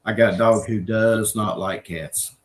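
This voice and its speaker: A man's voice: fairly low pitch, fairly even intonation, unhurried. Man, stream host, easygoing and chuckling, a little background hiss. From West Virginia. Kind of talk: casual chat.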